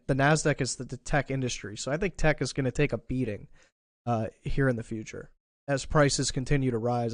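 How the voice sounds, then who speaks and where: A man's voice: mid-range voice, no room sound. A man streaming live market analysis, thinking aloud in a casual way with fillers and restarts, and a bout of hiccups. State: has the hiccups. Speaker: crypto trading streamer.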